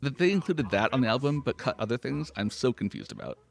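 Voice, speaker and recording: A man's voice: mid-range voice, fast talker, creaky, music in the background. A man hosting a podcast, chatting casually and animatedly, sometimes acting out lines. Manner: animated, acts out characters' lines. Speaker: podcast host. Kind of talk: casual chat about a cast album.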